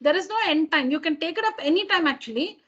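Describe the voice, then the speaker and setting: A woman teacher in an online class explains things patiently to her students, repeating and rephrasing each point. Her voice is high, animated, fast and fairly bright, though the video-call computer mic makes it sound muffled.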